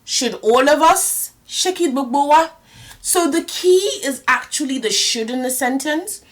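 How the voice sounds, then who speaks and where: A young woman runs a relaxed language lesson, her voice a touch higher than most. She laughs easily and slows right down whenever she spells out an example phrase. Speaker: Yoruba language teacher. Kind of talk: casual spoken language lesson.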